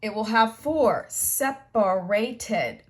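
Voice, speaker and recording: A woman teaching an English grammar lesson, explaining slowly and patiently with repeated examples. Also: mid-range voice, animated.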